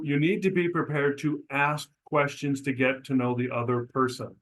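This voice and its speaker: A middle-aged man, a real estate broker, teaching agents how to introduce themselves at the door, acting out sample lines as he goes. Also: poor audio. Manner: coaching, demonstrates scripts aloud with pitch changes. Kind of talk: instructional talk.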